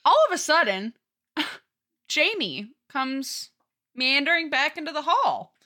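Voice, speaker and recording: A woman co-hosting a casual book podcast, playful and quick to swear as she recaps scenes. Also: high voice, very animated, sharp tone. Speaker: podcast co-host. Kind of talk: casual book-club chat.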